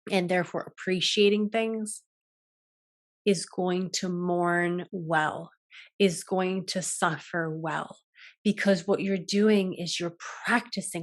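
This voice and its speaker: A woman hosting a reflective solo talk as a yoga teacher, soft-spoken and gentle, often trailing off and restarting her sentences. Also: mid-range voice. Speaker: podcast host and yoga teacher.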